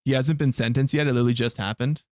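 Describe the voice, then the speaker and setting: A man's voice: mid-range voice, steady tone, rapid-fire, a little mellow, dry recording, clean studio sound. A man streaming a game live, chatting casually with his viewers in blunt, heavily profane rants. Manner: blunt, profane ranting to chat.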